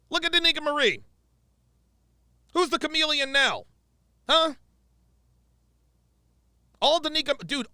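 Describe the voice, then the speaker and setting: A man's voice: very high-pitched, pushed and bright, clean tone, no room sound, clean studio sound. A man giving profane, exasperated reaction commentary, repeating his points with emphasis.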